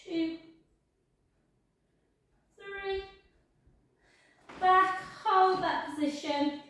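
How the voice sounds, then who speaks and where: A woman with a high voice guides a workout class, counting reps and giving encouraging cues at an unhurried pace. She stands some distance from the mic, and the room around her is strongly echoey. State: out of breath at times. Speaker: fitness instructor.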